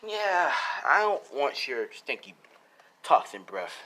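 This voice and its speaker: A man's voice: medium pitch, very animated, slow, pushed and bright, heavily acted, rough recording. A man voicing a cocky young male masked hero who trades teasing quips, in his own everyday voice. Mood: quippy. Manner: quippy, teasing.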